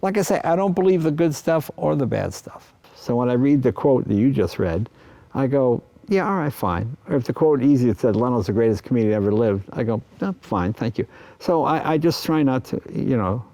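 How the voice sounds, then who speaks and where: Older male guest, mellow tone, lively storyteller who acts out quotes. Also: mid-range voice, a little fast. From East Coast of the US. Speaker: interview guest. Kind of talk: anecdotal interview talk.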